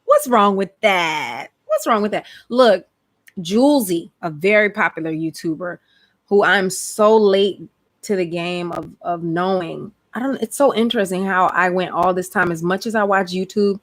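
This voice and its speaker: Her voice is lowish and her pace moderate. Hosting a laid-back live stream, this Atlanta woman speaks with a Southern Georgia accent, keeping things talkative, animated, slang-heavy, and full of exclamations.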